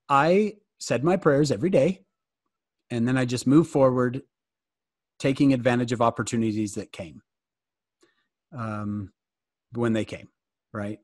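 A man's voice: mid-range voice, no echo, studio quality. A man giving a casual, joking fireside talk to youth over a video call, often asking his listeners questions. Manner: joking, animated, asks the audience questions. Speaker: guest speaker answering youth questions.

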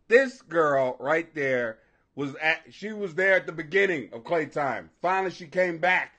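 This is a high-pitched man in his forties hosting his own live stream. His voice is bright and sharp, leaping all over the place as he rants. He swears constantly and laughs at his own jokes. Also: a little slow. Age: 40s. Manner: profane, loud, laughing, animated. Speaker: livestream host. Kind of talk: casual ranting commentary.

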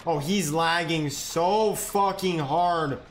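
A young man streaming a video game, swearing, shouting and laughing as he reacts to the match. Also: a little high, slow. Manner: profane, excitable, yells and laughs at the game. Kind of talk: live gameplay commentary.

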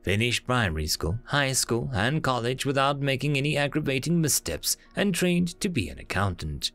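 A man voicing a polite, apologetic administrator of the afterlife, speaking gently and courteously with small hesitations. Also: medium pitch, very animated, moderate pace, faint music behind.

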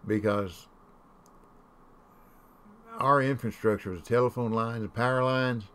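Guy streaming a game, mid pitched voice, folksy rambly storytelling. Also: steady tone, a little slow, a bit bright, smooth. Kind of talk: casual chat while gaming.

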